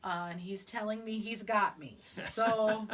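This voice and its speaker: Animated middle-aged woman. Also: mid-range voice, measured pace. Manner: animated, vivid retelling. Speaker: podcast co-host. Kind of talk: casual storytelling.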